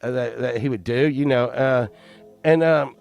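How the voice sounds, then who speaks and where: A man in his fifties telling a rambling, profane childhood story, excitable and often laughing. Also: medium pitch, normal speed, vocal fry, soft background music. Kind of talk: casual anecdote telling.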